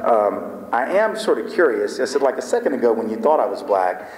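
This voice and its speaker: A guest speaker with a mid-range voice and big pitch swings tells a story animatedly to a live audience, a little fast, acting out dialogue and often asking "right?" The lecture hall is echoey with long reverb.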